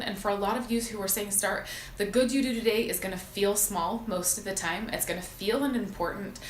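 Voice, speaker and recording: A woman's voice: mid-range voice, brisk, few pauses, echoey room, slight background noise, rough recording. A woman hosting her own show, giving an earnest, heartfelt motivational talk with frequent fillers. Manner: earnest, emotional, many fillers. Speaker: podcast host.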